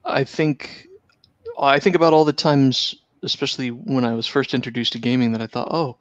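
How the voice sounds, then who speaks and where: A man's voice: medium pitch, moderate pace, dry recording. A man in casual chat about tabletop gaming, reflective and restarting phrases. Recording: dull, dry lo-fi sound.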